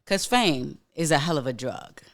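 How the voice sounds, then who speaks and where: A man's voice: on the high side, expressive, moderate pace. A man hosting a casual monologue podcast, talking bluntly and emphatically, repeating lines for weight and restarting sentences often. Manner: frequent restarts and filler words. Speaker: podcast host.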